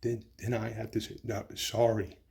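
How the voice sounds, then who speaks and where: A man's voice: on the low side, level tone, normal speed, gravelly, darkish tone. A man giving a rambling, profane, emotional account of his mother's death in hospital. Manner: rambling, profane, agitated retelling. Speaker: grieving son telling his story.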